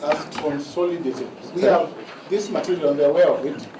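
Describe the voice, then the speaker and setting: A man, an advocate making a formal submission in court, measured and deliberate, often addressing the bench and slowing down for emphasis. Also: a little high. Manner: formal, measured, repeats "my lords" and slows to stress points. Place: large courtroom. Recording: echoey courtroom heard from a distance with noise.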